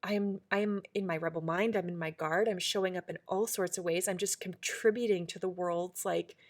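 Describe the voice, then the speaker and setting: A woman's voice: on the low side, steady tone, moderate pace. Earnest middle-aged woman, podcast co-host, emphatic, loose and chatty with lots of restarts. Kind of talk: casual reflective chat.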